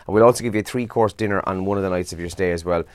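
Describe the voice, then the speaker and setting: A young Irish man runs through the morning papers and trends on his breakfast show in a chatty, slightly worn-out way. His voice sits a bit low, and the sound is close and dry. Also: very fast, no room sound. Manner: chatty, tired and yawning, says lads. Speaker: radio breakfast show host. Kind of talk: casual newspaper and trends roundup.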